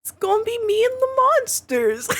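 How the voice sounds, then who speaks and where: Her voice is extremely high and a little slow as she streams a game live and chats casually with viewers. Giggly and excitable, she laughs often.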